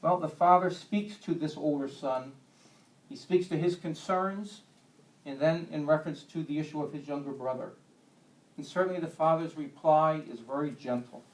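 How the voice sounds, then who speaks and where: A man's voice: on the high side, moderate pace. A man teaching a Bible lesson to a church group in a conversational way, with homely humorous asides. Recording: echoey room, distant mic.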